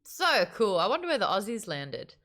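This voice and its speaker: A woman hosting a book club chat, animated and casual, swearing freely and laughing often. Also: mid-range voice, moderate pace.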